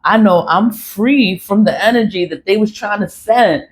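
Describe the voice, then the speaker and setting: A woman's voice: mid-range voice, normal speed, low-quality recording. A woman talking straight to camera about her spiritual cleansing practice, blunt and swearing, laughing between her points. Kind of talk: casual monologue to camera.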